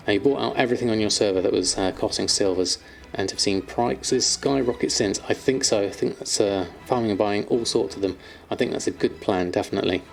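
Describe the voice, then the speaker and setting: Streamer, male, lower register, loose chatty delivery full of fillers, soft music under the voice. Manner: chatty, reads viewer questions aloud, many ums and fillers. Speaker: streamer answering chat. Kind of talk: casual live-stream chat.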